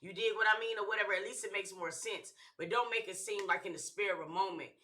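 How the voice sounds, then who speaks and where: A man's voice: high-pitched, fast, bright, forceful tone. A man hosting a reaction channel, giving casual slangy commentary and often checking in with "you feel me".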